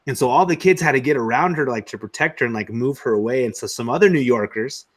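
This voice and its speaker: A man with a Texan accent hosts a casual conversation among friends. He talks in a storytelling way, animated and easygoing, often dropping a friendly "man.". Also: medium pitch, fast. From Texas. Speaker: podcast host. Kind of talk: casual chat.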